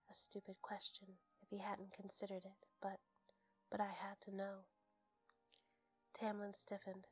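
Woman, whispered bedtime story narration, hushed and steady, flat monotone, faint music behind. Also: mid-range voice, a little slow, husky.

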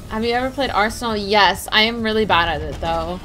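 A woman's voice: mid-range voice, fairly quick, pushed and bright, soft background music. Chatty woman streamer, rambling casually. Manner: chatty, rambling, reads out and answers chat. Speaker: livestreamer.

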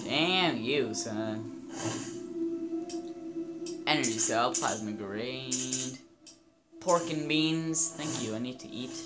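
A young man casually commenting on his game, excitable and swearing, talking to his in-game companions. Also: mid-range voice, slow pace, long pauses. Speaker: gameplay commentator. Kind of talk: casual let's-play commentary. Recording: game music loud behind voice.

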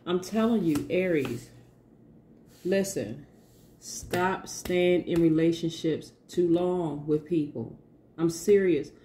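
Woman, tarot reader, casual, chatty, emphatic, lowish mellow voice. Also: slight background noise. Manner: chatty, emphatic, repeats herself, laughs often.

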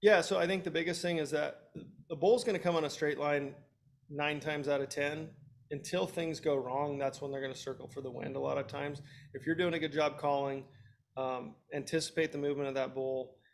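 A man's voice: on the high side, steady tone, a little fast, creaky, a little hiss or hum. A man in his thirties, a hunting guest expert, giving practical, direct advice in an instructional webinar.

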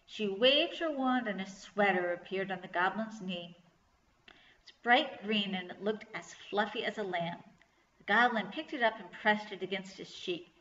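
Bright-voiced woman reading a children's story. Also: medium pitch, normal speed, a little hiss or hum. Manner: clear, lively storytelling. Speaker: children's librarian. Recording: echoey room, slightly dull sound.

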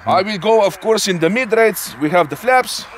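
High-voiced man showing off a model plane outdoors. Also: expressive, moderate pace. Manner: explains step by step, tags sentences with "eh?". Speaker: RC pilot and channel host. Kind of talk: casual outdoor demonstration. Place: outdoors in a grassy field.

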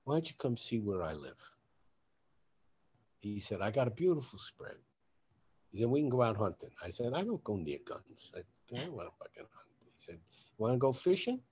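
A man's voice: mid-range voice, moderate pace, pauses often, breathy edge. A man hosting a podcast, telling a story with lots of swearing and acting out both sides of the conversation. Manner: animated, acts out quoted dialogue in a raised voice; swears casually. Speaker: podcast host.

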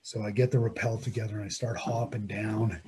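A low-pitched man tells his own survival story with vivid intensity. He swings between loud, urgent emphasis and quiet, hushed passages. A faint hiss sits under the recording. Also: steady tone, brisk. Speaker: mountaineer telling his story. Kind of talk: dramatic first-person storytelling.

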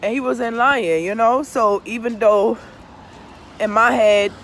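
A woman's voice: fairly high pitch, takes it slowly, fairly bright tone. A woman pours out a casual, confessional monologue full of swearing and emphatic repeats. She keeps turning to the listener for agreement. A faint hum of traffic hangs in the background of the outdoor recording. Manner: profane, emphatic, keeps asking "you understand?". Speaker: tarot reader and vlogger.

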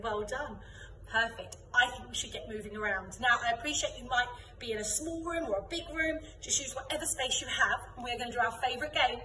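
A young woman with a fairly high voice leads a children's dance class, calling out game commands with upbeat energy. She is recorded by a camera some distance away in an echoey studio room, with faint ambient noise behind her. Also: sharp tone. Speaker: drama and dance teacher. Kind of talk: leading an online children's class.

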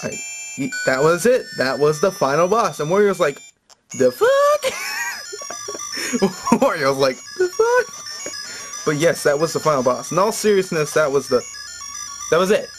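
A young man doing let's-play commentary, joking, rambling and swearing, sometimes bursting into loud excited yells. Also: on the high side, a little fast. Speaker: let's player. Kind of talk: video game commentary. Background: game music.

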